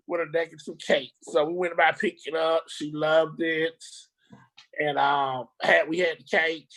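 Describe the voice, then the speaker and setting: This casual video-call chat features a speaker telling a loose, lively story full of slang and curse words, in a medium-pitched voice.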